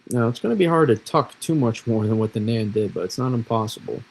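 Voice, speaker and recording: A Massachusetts amateur weatherman streams live, casually rambling over forecast models with frequent restarts and jokes at his own expense. His mid-range voice is gravelly and husky, expressive and fast. The recording is rough.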